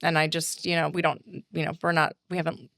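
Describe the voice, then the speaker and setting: A woman's voice: low voice, level tone, brisk, gravelly, fairly bright tone, dry recording, clean studio sound. A woman co-hosting a podcast in casual chat, talking hesitantly with many fillers and restarts. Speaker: podcast co-host.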